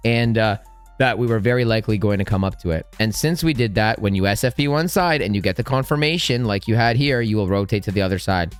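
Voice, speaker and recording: A man's voice: mid-range voice, clear, resonant tone. A man hosting a trading channel, giving casual, emphatic market commentary over charts and often tagging on "right?". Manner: emphatic, blunt, keeps asking "right?".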